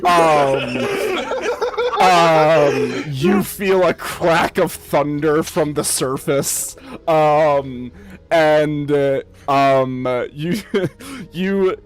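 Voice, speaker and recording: A man's voice: fairly high pitch, very slow. A man narrating as game master of a tabletop game, rambling with frequent ums and laughter.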